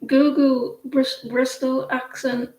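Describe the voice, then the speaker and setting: A woman's voice: high-pitched, flat delivery, takes it slowly, darkish tone, roomy sound, rough recording. A woman hosting a live tarot stream, chatting with viewers in a rambling way and often restarting her sentences.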